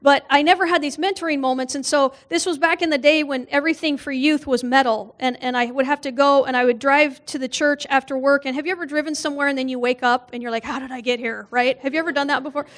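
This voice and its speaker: Woman guest preacher, high voice, funny storyteller who acts out the voices in her stories. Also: fairly even intonation, fast talker, few pauses, fairly bright tone. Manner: humorous storytelling, acts out quoted voices, laughs often. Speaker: guest speaker. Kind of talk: sermon with personal stories. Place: church.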